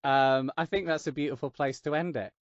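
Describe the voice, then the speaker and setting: This podcast host, a Yorkshireman with a neutral English accent and a slight Northern edge, speaks briskly at medium pitch in a steady tone. The casual interview finds him chatty, joking, and self-deprecating. The lo-fi recording is dull and dry, without echo.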